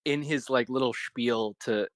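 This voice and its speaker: A man's voice: mid-range voice, moderate pace, a bit bright, dry recording. A man co-hosting a movie podcast, mostly brief agreement with a wry, wordy turn of phrase. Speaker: podcast co-host. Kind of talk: casual movie-review chat.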